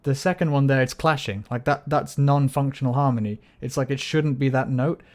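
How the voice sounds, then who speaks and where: A man's voice: medium pitch, steady tone, fairly quick, a little mellow. A man chatting casually on a livestream, explaining music theory, humming melodies and swearing when frustrated. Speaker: streamer. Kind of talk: casual livestream chat while gaming.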